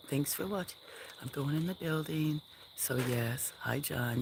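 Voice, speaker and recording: A woman's voice: deep voice, a little slow, gravelly. Chatty woman livestreaming from a farm at night. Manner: chatty, scattered, talks softly to animals. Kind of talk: casual livestream chat with viewers and animals. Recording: outdoor noise with chirping crickets. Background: crickets and insects.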